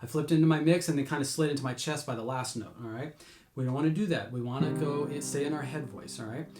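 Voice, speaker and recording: A man teaching singing warm-ups, explaining patiently between sung demonstrations. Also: fast, reverberant, over loud music. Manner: explains patiently, breaks into high sung demos. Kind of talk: vocal lesson with sung demonstrations.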